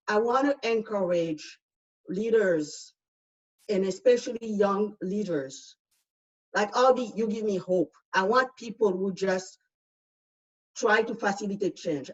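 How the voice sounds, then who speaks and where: A woman's voice: mid-range voice, distant mic, lo-fi sound. A woman with a foreign accent gives outspoken, emphatic personal testimony as a speaker in a panel discussion over a video call.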